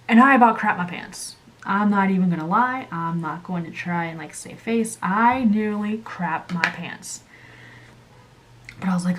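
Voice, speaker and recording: A woman hosting her channel, telling a story casually while coloring, animated and chatty, jumping up in pitch when she acts out quotes. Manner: chatty, many fillers and asides. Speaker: channel host.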